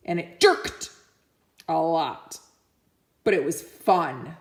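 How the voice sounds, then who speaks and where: A woman reading a children's picture book aloud at an unhurried pace. Her voice rises and falls in a lively, sing-song way as she does voices for each animal. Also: deep voice. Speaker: reader.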